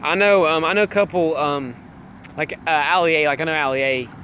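A young man chats to his stream viewers in an excitable, easily amused way, often breaking into laughter. His voice is bright and a little high. Faint night ambience with crickets and passing traffic sits behind him. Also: brisk. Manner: excitable, laughs a lot, greets chat viewers. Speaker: livestream gamer. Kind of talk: casual livestream chat.

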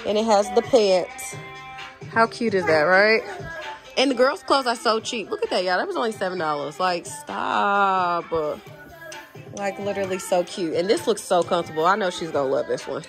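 A young woman vlogging in a casual, gushing way, slipping into high baby talk with infants. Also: expressive, moderate pace, music in the background. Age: young adult. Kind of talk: casual vlog chat.

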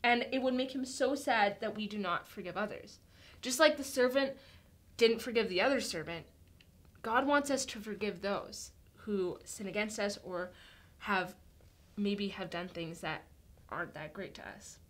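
A woman telling a Bible story to children in a chatty, animated way, speaking straight to a camera. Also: mid-range voice, unhurried. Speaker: children's church teacher. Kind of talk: Bible story lesson for kids. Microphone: camera in front of her.

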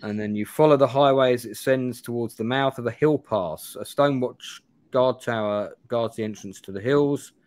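Man, forties, gamebook reader, restarts often, mid-pitched. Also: moderate pace, a little mellow. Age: 40s. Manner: reads aloud with frequent restarts and asides. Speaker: host reading a gamebook aloud. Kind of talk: live gamebook play-through.

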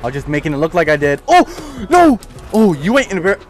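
Playing a football video game, this young YouTuber narrates live with a high-sitting voice and slightly quick delivery. Expect heavy swearing, excited yelling whenever a big play lands, and plenty of trash talk aimed at opponents.

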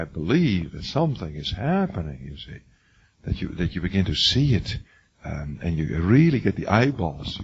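An older man with a raw, hoarse voice lectures a class in an emphatic, repetitive way, restarting his sentences often. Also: low-pitched, slight background noise. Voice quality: husky. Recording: dull lo-fi classroom recording.

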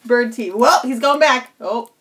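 A woman's voice: on the high side, moderate pace, noisy background. A woman streaming cosplay work from home, chatting casually with viewers and her pet bird, laughing often. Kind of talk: casual live stream chat.

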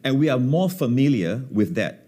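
A man's voice: mid-range voice, big pitch swings, moderate pace, dark tone, slightly rough. Emphatic man preaching on a talk show. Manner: emphatic, repeats key words, frequent uh fillers. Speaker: pastor and guest. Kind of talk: teaching sermon in a talk-show interview.

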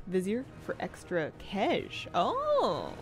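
A woman's voice: medium pitch, huge pitch swings, very slow, faint music behind. A woman streaming a game, chatting casually with chat in a rambling way and laughing often. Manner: chatty, giggly, rambling asides.

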